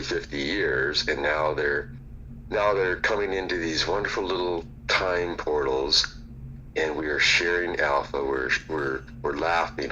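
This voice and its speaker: Blunt, rambling guy with a lower voice and a hard, bright tone; swears casually. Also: highs cut off, slight background noise. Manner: rambling, blunt, profane, animated. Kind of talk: casual chat in an online audio room.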